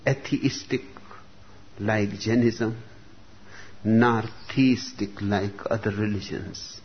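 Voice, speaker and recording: Man, spiritual teacher, reflective discourse, very slow deliberate delivery, long pauses, dull lo-fi recording. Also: fairly low pitch. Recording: dull lo-fi recording with faint room noise.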